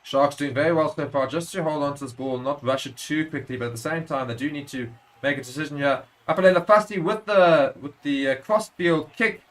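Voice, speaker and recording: A man's voice: fairly high pitch, a little fast. A man giving live play-by-play commentary on a rugby match for a watchalong stream, correcting himself as he goes and rising sharply at big moments.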